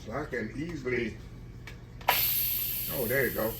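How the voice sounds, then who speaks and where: A man's voice: mid-range voice, slow pace, heavy background noise. A man from Texas with a Texan accent, chatting folksily to viewers while cooking at home and calling them y'all. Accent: Texan Southern. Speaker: cooking channel host. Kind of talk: casual home cooking vlog. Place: home kitchen.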